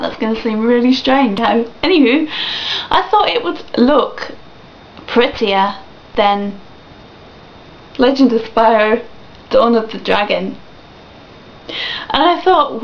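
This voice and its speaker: A woman's voice: a little high, a little hiss or hum. A young woman ranting animatedly on a video blog, swearing and laughing often. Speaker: vlogger. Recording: dull lo-fi webcam audio.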